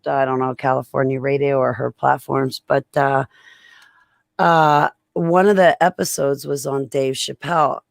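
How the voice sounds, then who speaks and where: A woman's voice: sits low, creaky, dry recording, studio quality. A woman hosting a podcast, chatting casually in a rambling, swearing way and interrupting herself. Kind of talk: casual chat.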